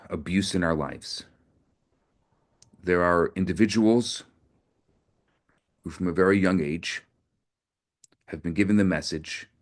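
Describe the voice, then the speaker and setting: Earnest low-voiced rabbi preaching. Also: male voice. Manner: earnest storytelling, repeats words. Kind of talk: sermon.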